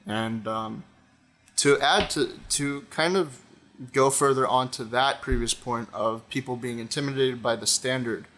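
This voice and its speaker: A young man giving an unscripted commentary monologue, pausing often with fillers and restarting his sentences. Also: mid-range voice, a bit bright, slight background noise. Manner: hesitant, many fillers and restarts. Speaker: video essayist.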